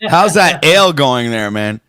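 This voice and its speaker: A man's voice: a little high, big pitch swings, a little slow, crowd noise. A man making dry, amused remarks in a casual chat.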